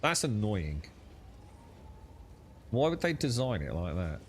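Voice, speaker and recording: A man's voice: lowish voice, sing-song, takes it slowly, slight background noise. A young man chatting casually while playing a co-op game with friends, thinking aloud and laughing easily. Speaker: gamer streaming co-op play. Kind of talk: casual gaming chat.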